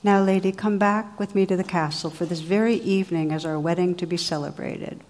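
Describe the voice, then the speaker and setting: A woman's voice: fairly low pitch, steady tone, a little fast, a little mellow, long reverb tail, natural voice. A woman voicing an earnest young male knight who speaks fervently in formal old-style speech, in a storybook reading. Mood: startled.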